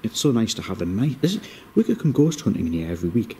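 A man giving ghost-hunting vlog commentary, moving between hushed asides and raised calls to spirits in a cold indoor room. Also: on the low side, sing-song, fast talker, slightly rough. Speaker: paranormal investigator.

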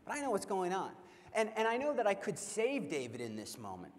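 A young man with a high voice tells a humorous story from a conference stage. His delivery is animated and playful, and he keeps questioning the crowd. His voice rings with the long reverb of a big hall. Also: a little fast, noisy background. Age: young adult. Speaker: keynote speaker. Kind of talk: storytelling keynote speech. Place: large convention hall.

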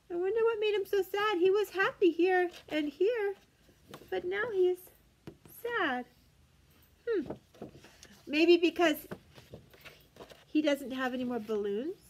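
Young woman teacher for a children's read-aloud, high voice, unhurried, gasps in wonder at each page. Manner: gasping, exaggerated, sing-song wonder for young children.

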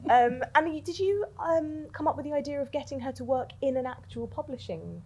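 A woman hosting an interview, asking questions in a relaxed way, often hedging with filler phrases. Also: high-pitched, brisk. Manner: warm questioning, hedging with "kind of". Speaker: interviewer, host. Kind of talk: conversational Q&A interview.

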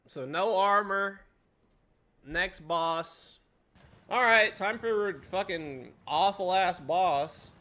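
A man's voice: high-pitched, takes it slowly, bright, forceful tone. A young adult man streaming a game live, trash-talking and teasing his chat with a lot of swearing. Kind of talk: live-stream gameplay commentary.

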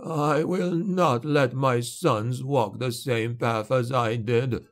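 A man voicing a frail old male patriarch who speaks with a lisp, slow and pleading in despair. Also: mid-range voice, lightly acted. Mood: resolute. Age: older.

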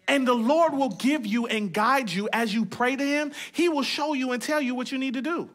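A male pastor preaching with a high, bright, forceful voice. He talks in a loose, conversational way, joking with the congregation and repeating lines for emphasis. His prayers come out in short, emphatic phrases. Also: brisk, few pauses, a little hiss or hum. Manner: conversational preaching with humor and repetition. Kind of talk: sermon.

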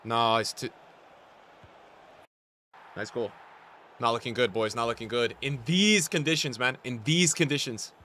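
Young man, streamer, live gameplay commentary, trash-talking, frustrated, forceful tone. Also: mid-range voice, a little slow, pauses often, a little hiss or hum.

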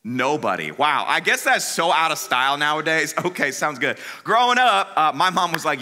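Animated youth speaker telling a funny story. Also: male voice, a little high, a little fast, few pauses. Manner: animated, dramatic swings between loud and hushed; casual slangy delivery addressing the crowd. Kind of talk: humorous storytelling sermon.

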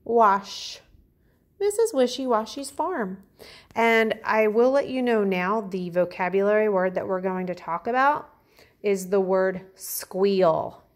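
A woman kindergarten teacher reading a picture book aloud to young children, talking clearly and encouragingly. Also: medium pitch, measured pace. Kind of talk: storybook read-aloud lesson for children.

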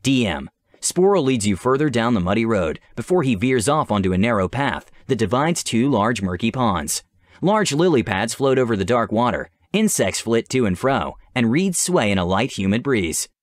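A male game master reads a fantasy adventure aloud with a lively, animated melody. His delivery is measured and descriptive. The recording is dry and close, with no room echo. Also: medium pitch. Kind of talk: scripted story narration.

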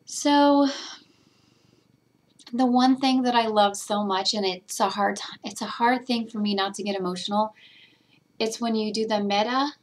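A woman vlogger talking casually and earnestly about meditation, getting emotional as she rambles with fillers. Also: fairly high pitch. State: teary. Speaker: spiritual vlogger. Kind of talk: casual personal talk.

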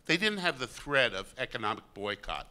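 A man's voice: mid-range voice, big pitch swings, fairly quick. A man, an actor, telling an anecdote on stage, stammering and acting out quoted lines. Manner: stammering storyteller who acts out lines loudly. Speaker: actor guest.

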